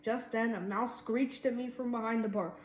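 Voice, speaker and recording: A woman reading a children's storybook aloud in a lively way, doing voices for the mouse characters. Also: fairly high pitch, normal speed, roomy sound, low-quality recording. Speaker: reader.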